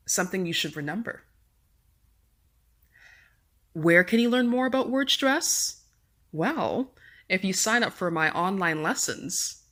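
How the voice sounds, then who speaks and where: A woman teaching an English pronunciation lesson, unhurried and slow, every syllable carefully shaped. Her voice sits a little low for a woman, and she takes her time. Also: a bit bright. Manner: deliberate, carefully enunciated teaching delivery. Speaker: English teacher and podcast host.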